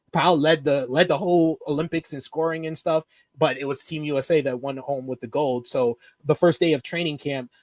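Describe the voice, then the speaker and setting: A man co-hosting a casual wrestling review chat, animated and laughing as he tells stories. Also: medium pitch, no echo, clean studio sound. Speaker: co-host of wrestling review show.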